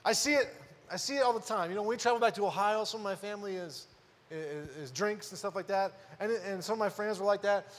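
Man, pastor, high voice, casual preaching, lots of rhetorical questions, echoing hall. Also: fast. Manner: conversational preaching, rhetorical questions, rises to loud emphasis. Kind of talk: sermon. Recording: long hall reverb.

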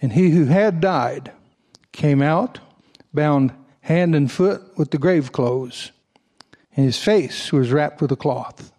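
A man's voice: a little high, slow pace, warm tone. A male pastor preaching a sermon, reading scripture aloud and breaking off for folksy asides to his congregation. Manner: raises his voice for emphatic passages.

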